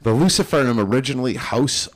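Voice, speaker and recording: A man's voice: medium pitch, animated, fast. A man hosting a casual podcast, reading out list items and adding blunt, offhand comments. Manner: reads items out, then adds blunt offhand remarks.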